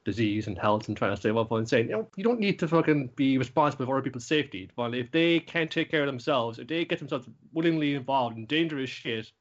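A man's voice: mid-range voice, animated, quick pace, few pauses. Rambling, swearing young guy. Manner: rambling, heavy swearing, many fillers. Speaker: podcast host recapping an anime. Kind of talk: casual chat. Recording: dull lo-fi recording.

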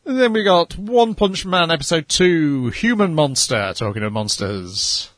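A man chatting casually on a podcast, making measured, analytical points. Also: a little high, animated, a bit bright, dry recording. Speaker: podcast co-host. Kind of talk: casual chat about anime.

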